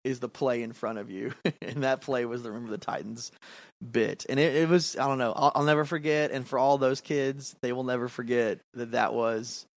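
Animated man telling a camp story. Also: medium pitch, brisk, no echo. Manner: animated, acts out quotes, laughs often. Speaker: podcast co-host, youth pastor. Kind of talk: casual storytelling chat.

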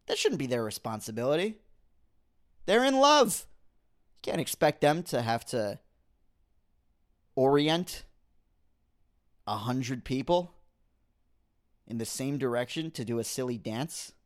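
A young man hosts his own podcast, speaking at medium pitch, a little slowly and with frequent pauses. His comedic rant rambles and breaks off mid-thought, then builds to animated exasperation.

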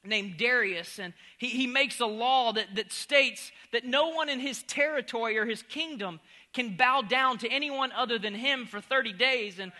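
A pastor preaching a humorous sermon, swinging from loud exclamations to near-whispers. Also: male voice, very high voice, moderate pace.

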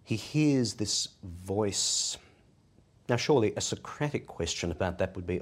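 A man explaining ideas in a measured academic discussion, posing rhetorical questions as he goes. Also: on the low side, lively intonation. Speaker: podcast discussant.

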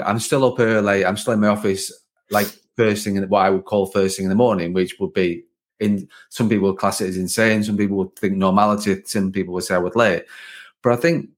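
A man's voice: lowish voice, brisk. A man hosting a podcast, talking in a loose, rambling way with many restarts. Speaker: podcast host. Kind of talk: casual interview chat.

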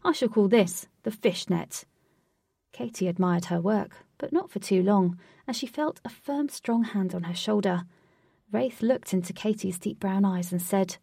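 A woman reading a fantasy story aloud at a calm, steady pace. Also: medium pitch, a little slow, creaky, slightly rough, no echo, studio quality, far from the mic. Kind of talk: storybook narration.

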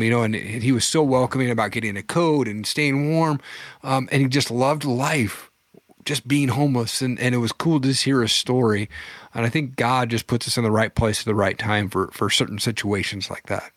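A man's voice: mid-range voice, brisk, dry recording. A man in his forties, a podcast guest, casually and reflectively telling a faith story. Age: 40s.

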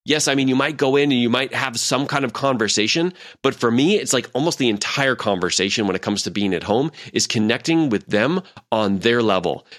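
A man's voice: medium pitch, fairly bright tone. A man in his forties hosting a podcast as a leadership coach, talking casually with many fillers and acted-out quotes. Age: 40s.

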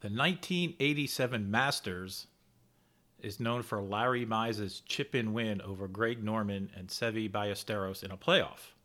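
A man running a quiz segment on a casual podcast, reading each question in a steady, even way. His voice sits fairly low but has a bright, forward edge. He calls out the results crisply. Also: measured pace. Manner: steady, announcing answers crisply. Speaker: quizmaster on a podcast.

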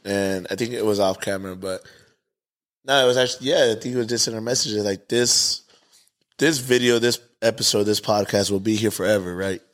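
A man's voice: fairly low pitch, fairly even intonation, fairly quick, a bit bright. A man hosting a podcast, asking his guest questions in a laid-back, casual way. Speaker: podcast host. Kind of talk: casual interview.

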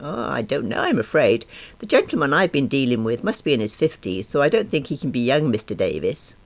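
A woman voicing a testy, sarcastic middle-aged male caller who speaks slowly and curtly on the phone in a storybook reading. Her pitch stays close to her own, so the man is suggested more than fully acted. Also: sing-song, full character voice. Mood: polite.

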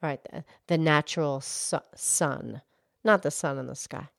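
A woman voicing a gentle female cow who calmly explains history on a children's show. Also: sits low, unhurried, gravelly, no room sound, clean studio sound. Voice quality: calm, explanatory, hesitant restarts. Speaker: co-host, explainer.

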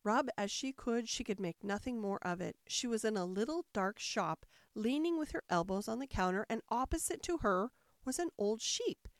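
Expressive woman narrator for a storybook; higher voice, very lively, recorded dry and close. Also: normal speed, hardly any pauses, no echo. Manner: expressive, shifting into character voices. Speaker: audiobook narrator. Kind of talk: storybook reading.

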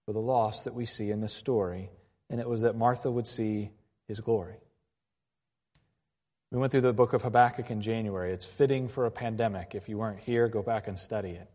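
A man preaching a sermon as a pastor, earnest, moving between quiet reflective lines and raised passages. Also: medium pitch. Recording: long hall reverb.

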